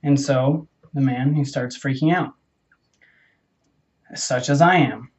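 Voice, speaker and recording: A young vlogger tells a made-up story while getting a haircut, rambling playfully and correcting himself now and then. His medium-pitched voice stays fairly even and slow, and the sound is lo-fi.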